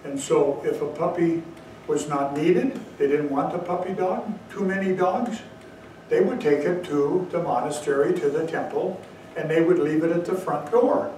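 A man giving a dharma talk as a Zen teacher, telling stories with slow emphatic asides, recorded far from the mic in a very echoey hall. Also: fairly high pitch, dark tone, slight background noise. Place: meditation hall.

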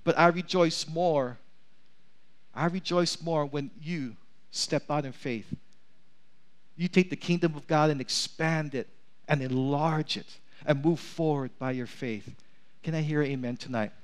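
A man's voice: a little high, unhurried. A man preaching a sermon in a large church, calling for amens from the congregation and reading scripture aloud. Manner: preaching with rising intensity, asks for amens. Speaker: pastor.

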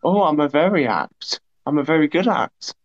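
A man's voice: fairly high pitch, lively intonation, moderate pace, lo-fi sound. A man hosting a provocative livestream chat, teasing and needling his guest with mock self-importance. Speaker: livestream host.

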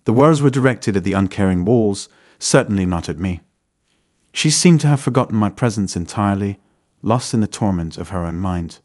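Brief: male narrator, lowish voice, measured dramatic storytelling. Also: animated, darkish tone. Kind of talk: scripted first-person story narration.

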